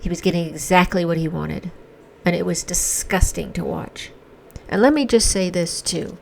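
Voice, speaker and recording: Impassioned woman with a gravelly low voice. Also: moderate pace, few pauses, a little mellow. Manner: impassioned, indignant, emphatic. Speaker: commentary vlogger. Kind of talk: emotional opinion monologue.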